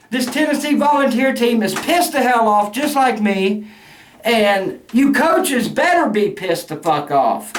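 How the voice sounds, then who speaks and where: A man's voice: very high-pitched, lively intonation, unhurried. Middle-aged man, hot-headed fan rant, heavy cussing, echoey room with faint hiss. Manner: angry, cussing, loud outbursts. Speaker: sports fan vlogger. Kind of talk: profane ranting fan rant. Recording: roomy echo, faint noise.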